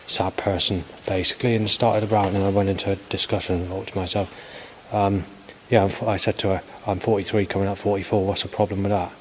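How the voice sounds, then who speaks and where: Rambling, swearing man in his forties. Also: lowish voice. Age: 40s. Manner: rambling, hesitant, swears often, many fillers. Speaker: vlogger. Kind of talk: rambling spoken video diary. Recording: faint background noise.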